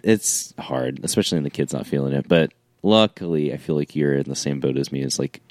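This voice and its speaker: A man's voice: extremely low pitch, a little fast, darkish tone, no room sound, clean studio sound. A young man, a drummer and music teacher, chatting casually and telling stories with lots of "like" fillers. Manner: loose storytelling with many "like" fillers. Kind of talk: casual chat.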